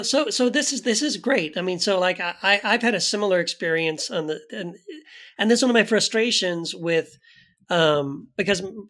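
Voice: medium pitch, a bit bright. A host of a panel conversation who rambles, restarts sentences and asks the guests questions.

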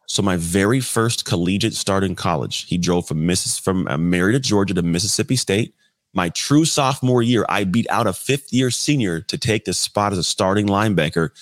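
Man, 30s, interview guest; low voice, dry close sound, candid and blunt. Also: no room sound. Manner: blunt, conversational, occasional mild swearing. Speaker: podcast guest.

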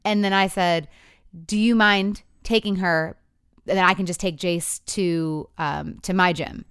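A woman in her thirties recounts a couple's story in candid conversation, animatedly acting out the quotes as she goes. Her fairly low, smooth voice keeps a measured pace, recorded dry with studio quality.

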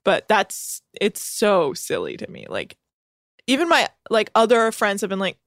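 A woman's voice: medium pitch, wildly swooping pitch, a little slow, vocal fry, a bit bright, dry recording, clean studio sound. A young woman from the Bay Area co-hosting a podcast, recapping a reality show in casual, swearing chat full of mock quotes. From San Francisco Bay Area. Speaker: podcast co-host.

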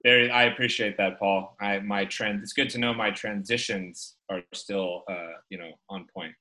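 A man's voice: fairly low pitch, steady tone, moderate pace, sharp tone. A man hosting a podcast in casual chat, with joking, upbeat banter. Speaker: podcast host.

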